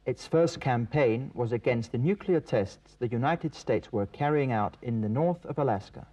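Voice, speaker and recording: A male presenter of a TV English course reads his scripted lines in a clear, deliberate teaching manner. His pitch is mid for a man and moves a lot. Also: expressive, darkish tone, lo-fi sound.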